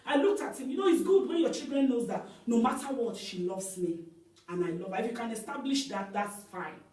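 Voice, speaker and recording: A middle-aged woman pastor, preaching a sermon in an animated storytelling way that rises at times into shouts. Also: fairly high pitch, fairly quick. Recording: echoey hall, voice from far off.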